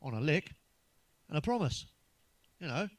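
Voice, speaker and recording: An English man with a fairly high speaking voice fires off crude, sweary one-liners as a stand-up comic. The sound is close and dry, with no room around it. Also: sing-song, moderate pace, no echo. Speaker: stand-up comedian. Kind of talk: stand-up joke routine.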